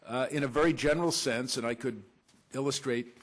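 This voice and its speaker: A man of ordinary pitch delivers a conference lecture as a law professor, speaking in a measured academic register. His delivery is halting, broken up by frequent filler sounds and restarted phrases. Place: lecture room at a law school panel.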